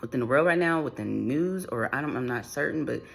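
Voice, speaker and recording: A man's voice: mid-range voice, lively intonation, fairly quick, creaky, a bit bright, a little hiss or hum. A man giving a channeled spiritual reading to his viewers, talking in a loose, rambling way that keeps restarting and repeating itself. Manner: rambling, repetitive, full of restarts and fillers. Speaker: spiritual reader.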